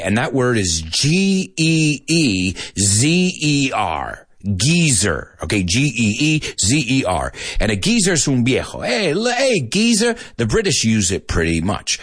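Male English teacher, husky low voice, very expressive delivery, dry sound. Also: no echo. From United States. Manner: animated, mixing in Spanish asides. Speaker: English teacher and show host. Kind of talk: casual live-stream lesson.

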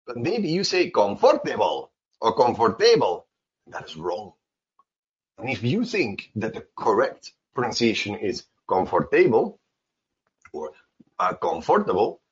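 Lively guy teaching english pronunciation, kinda husky, muffled lo-fi audio. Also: medium pitch. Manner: animated, repeats words for emphasis. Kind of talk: casual spoken lesson. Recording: dull lo-fi sound.

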